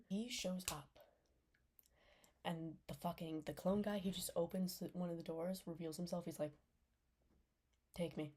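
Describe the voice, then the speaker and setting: A woman's voice: lowish voice, mellow, slightly rough. A young woman recapping a TV series in a casual, rambling way, full of fillers and often dropping into a whisper. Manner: rambling, lots of "like", drops into whispers. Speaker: vlogger reviewing a TV series.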